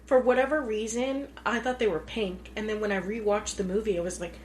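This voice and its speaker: A woman co-hosting a casual podcast from home, chatty and enthusiastic and quick to laugh. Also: mid-range voice, fairly even intonation, a little mellow, a little hiss or hum. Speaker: podcast co-host. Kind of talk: casual chat. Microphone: pink studio mic.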